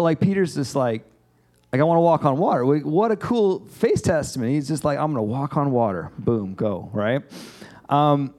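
A man giving a casual, conversational sermon, animated and chatty as he acts out a Bible story. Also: medium pitch. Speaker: pastor.

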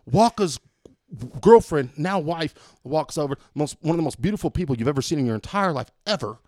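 A man tells a story in a casual studio chat, his voice a touch high and swinging widely as he acts out every exchange. He swears freely and keeps the energy up. The sound is close and dry. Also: expressive, brisk, warm tone, no echo. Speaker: podcast host telling a story.

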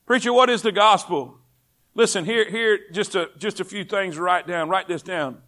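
A man's voice: high-pitched, moderate pace, pushed and bright. A male pastor preaching a sermon in a church, impassioned and repetitive, calling the congregation to respond. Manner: impassioned, repeats phrases, calls for congregation response. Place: church sanctuary.

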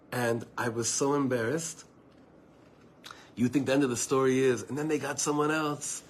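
Male teacher, mid-pitched, earnest and personal, informal group talk, faint background hum. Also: expressive, a little fast. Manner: earnest, personal storytelling with asides to listeners. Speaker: Torah teacher.

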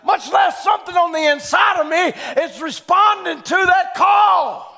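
Male preacher doing a stubborn young eagle: high, gravelly, shouting. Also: a little slow, some chatter behind, heavily acted. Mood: defiant. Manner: shouting, insistent. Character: young male eagle raised among chickens, determined.

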